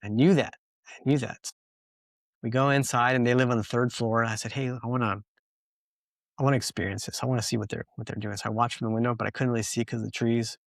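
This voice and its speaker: A man in casual podcast talk, telling a long personal story in a sincere, meandering way, full of "you know"s and restarts. His voice sits at an ordinary middle pitch, and the recording is dry and close, with no room sound. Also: level tone, fast, gravelly, no room sound. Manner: earnest, rambling storytelling with many fillers. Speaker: dog trainer and podcast co-host.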